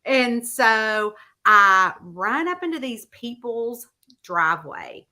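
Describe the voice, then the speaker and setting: Speaking slowly in a fairly high voice, a woman who writes mystery novels chats casually with her viewers. She's a lively storyteller, performing the different voices in the anecdote she shares.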